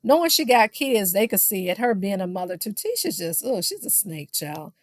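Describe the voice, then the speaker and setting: A woman's voice: medium pitch, big pitch swings, moderate pace, no echo, studio quality. A woman recapping a reality show in a casual, gossipy way, full of sassy shade, and she keeps calling her listeners "child.". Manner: sassy, shady asides, keeps saying "child"; mimics the people she quotes.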